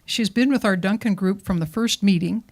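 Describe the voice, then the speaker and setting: A woman's voice: mid-range voice, brisk, darkish tone. A woman hosting a storytelling evening, introducing the next teller. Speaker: event host.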